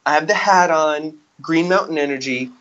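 A man in his twenties co-hosting a podcast, telling stories in casual chat, animated and laughing often. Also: fairly high pitch, normal speed, dull audio. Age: 20s. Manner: animated storyteller, laughs often, says "dude" and "yo". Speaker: podcast co-host.

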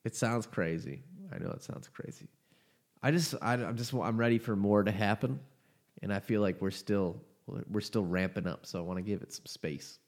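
A young man with a low voice co-hosts a casual podcast. He talks in an easygoing, laid-back way and gives his opinions plainly. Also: moderate pace. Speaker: podcast co-host. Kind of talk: casual chat.

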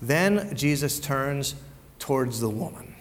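A man's voice: mid-range voice, lively intonation, slow pace. A male pastor preaching a conversational sermon in a church, often repeating words as he goes and asking the congregation rhetorical questions. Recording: long hall reverb.

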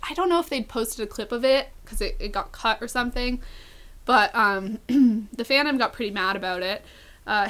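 Bright-voiced chatty young woman. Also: fairly high pitch. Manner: chatty, filler-heavy, lots of "like". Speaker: podcast co-host. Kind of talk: casual chat.

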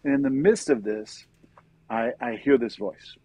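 Middle-aged guy telling his faith story, husky voice, dry close sound, keeps saying man. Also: medium pitch, a little slow, no room sound, rough recording. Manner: earnest storytelling, often says "man", soft-spoken at emotional points. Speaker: interview guest. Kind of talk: personal faith testimony in conversation.

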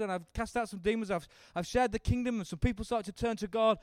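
A man teaching a Bible seminar, animated and acting out the speakers in the story. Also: sits high, quick pace, few pauses, smooth, no room sound. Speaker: preacher leading a seminar. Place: seminar room with an audience.

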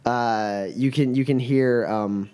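A man narrating as game master, halting with many fillers. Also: medium pitch, steady tone, mellow, clear, resonant tone.

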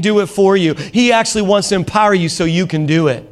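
A man preaching a sermon in a church, impassioned, dropping to a hush and rising to near shouts. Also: high-pitched, fast talker, faint music behind. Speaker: pastor. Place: church auditorium.

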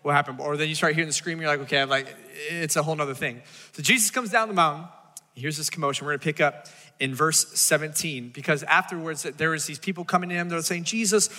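A man's voice: a little high, fast talker, sharp tone, big-room sound. A man preaching a sermon as a pastor, talking casually and acting out voices as he tells the story.

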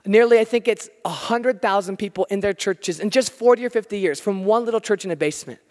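An American man preaching a sermon, telling stories with animated, self-deprecating humor. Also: sits high, fast talker. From United States. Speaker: pastor. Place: church hall. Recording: long hall reverb.

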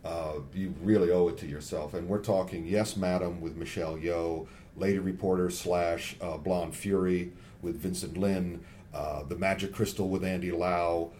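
Low-voiced animated male storyteller. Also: moderate pace, a little hiss or hum. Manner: animated storyteller, acts out quotes in high voices. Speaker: guest, martial arts film expert. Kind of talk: casual podcast chat.

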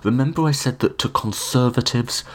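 A man's voice: medium pitch, normal speed. An English man with an English accent giving an unscripted lecture, thinking aloud with frequent ums and restarts. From England.

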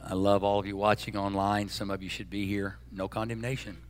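A man preaching a sermon as pastor, folksy and joking, swinging between loud bursts and hushed asides. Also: fairly low pitch, little pitch movement, a little fast.

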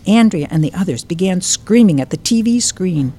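A woman's voice: fairly low pitch, moderate pace. An older woman, an author, reading expressively from her book and then chatting in an interview, recorded live in a bookstore. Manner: expressive reading with lively quoted voices.

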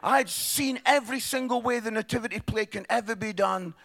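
Animated male storyteller, very high and bright voice, comic. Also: a little fast, gravelly. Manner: animated, acts out characters, laughs along. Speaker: speaker telling stories.

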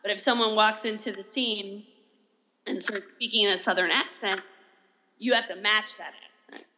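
A woman, an improv teacher, chatting casually as a guest in an interview, rambling with lots of "like" fillers and quick self-corrections. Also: mid-range voice, fairly even intonation, bright, forceful tone, poor audio. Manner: rambling, heavy use of "like" as a filler.

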